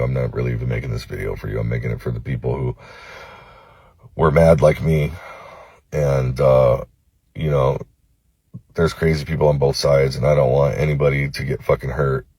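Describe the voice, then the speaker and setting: A man from Los Angeles recording a phone-camera apology video, halting and cursing, with many pauses and fillers. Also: extremely low pitch, darkish tone, husky, no echo. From Los Angeles, United States. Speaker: vlogger.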